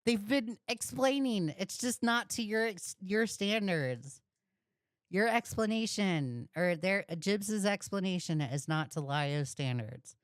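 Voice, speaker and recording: Slow, smooth-voiced woman ranting. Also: medium pitch, expressive, dry recording, studio quality. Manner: blunt, profane, heated. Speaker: reaction streamer. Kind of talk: reaction commentary.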